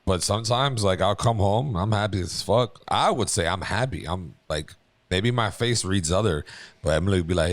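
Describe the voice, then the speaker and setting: A man co-hosting a casual podcast, his voice sitting on the low side. The sound is dry and close, with no room in it. He tells stories with energy and jumps into quoted lines. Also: normal speed, dry recording. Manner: animated storyteller, acts out quotes. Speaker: podcast co-host. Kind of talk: casual chat.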